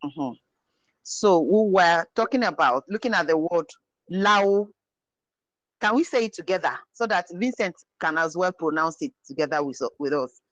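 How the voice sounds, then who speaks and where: A teacher from Nigeria giving an online language lesson over a video call, patiently repeating each word slowly. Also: mid-range voice, expressive, a bit bright, dry recording, highs cut off.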